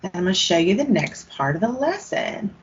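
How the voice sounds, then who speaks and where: A woman's voice: medium pitch, very animated, brisk, husky, highs cut off. A woman teaching an online music lesson to children, speaking patiently and encouragingly and modeling rhythm syllables.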